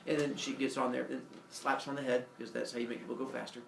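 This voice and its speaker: A man's voice: medium pitch, little pitch movement, brisk, creaky, background noise. A male teacher retelling a myth to his class in a playful, jokey way, acting out the characters. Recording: echoey classroom from far off.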